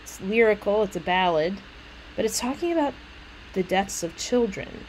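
A woman lecturing on a poem, chatty and animated, breaking off into casual asides as she explains. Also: mid-range voice, normal speed, slight background noise, low-quality recording. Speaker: literature lecturer. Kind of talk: recorded lecture reading a poem aloud.

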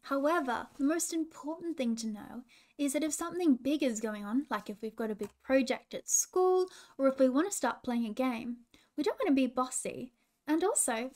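A woman with an Australian accent reading a children's story with gentle coaching asides. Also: high voice. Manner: warm, gentle, chatty with children.

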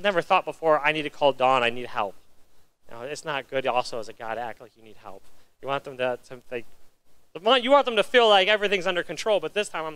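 High, smooth-voiced male pastor. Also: a bit bright. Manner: casual, chatty, lots of filler words. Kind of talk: storytelling sermon.

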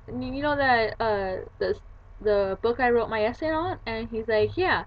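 A woman's voice: a little high, expressive, moderate pace, lo-fi sound. A young woman vlogging casually about books, retelling her day in a chatty way with quoted voices. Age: young adult. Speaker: book vlogger. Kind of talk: casual chat.

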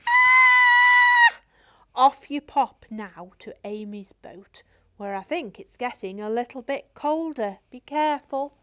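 A woman's voice: on the high side, dull audio. A female librarian leading a children's singalong storytime, speaking with playful exclamations to a toy bear and young viewers. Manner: warm-hearted exclamations, slow and deliberate for little kids.

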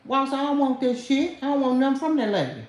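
Fast and high-pitched with a darkish tone, a woman rants on her livestream, trash-talking and laughing at someone while speaking straight to viewers. The sound comes from an echoey room.

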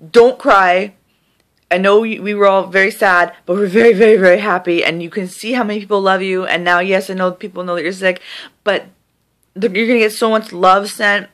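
A woman's voice: medium pitch, a bit bright. A young woman talking to camera from bed in an emotional casual vlog, gushing, breathless and repeating herself, with laughs breaking into her words. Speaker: vlogger. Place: in bed at home.

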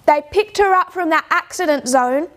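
High-voiced woman giving a measured talk. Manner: measured, slows down to stress points; poses rhetorical questions. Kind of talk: informal lecture.

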